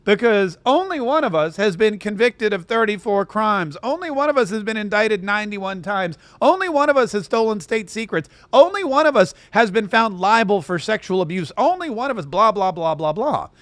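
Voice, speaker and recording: A man's voice: high voice, big pitch swings, normal speed, hardly any pauses, a bit bright, no room sound, pitched above the performer's own voice. A man doing a mocking impression of a smug woman politician reciting rehearsed lines in a sing-song way.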